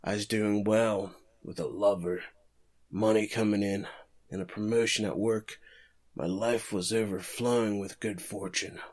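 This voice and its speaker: A man voicing an arrogant, disgraced male prosecutor as he confesses, in a low, muttered tone. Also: steady tone, unhurried, a little mellow, lightly acted. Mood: bitter.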